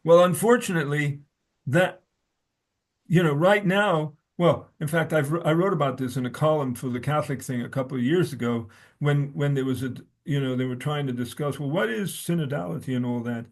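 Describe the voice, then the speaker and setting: A man with a fairly high-pitched voice speaks as a guest scholar in conversation. He reads passages from his own essay aloud and quotes sources at length. He often stutters and restarts his sentences. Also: brisk.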